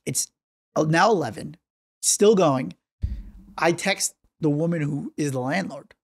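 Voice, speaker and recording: A man's voice: on the high side, a little slow, creaky, husky. A man in his thirties, a podcast co-host, telling a story in a casual tone and acting out the people in it. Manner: animated, acts out the quotes in his story.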